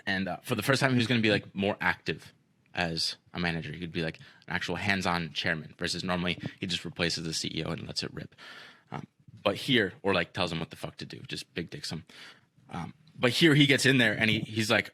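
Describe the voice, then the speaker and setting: Young male podcast host, deep bright voice, rambling profane storyteller. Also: fairly quick, dry recording. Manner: profane, rambling with many fillers. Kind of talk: casual storytelling chat.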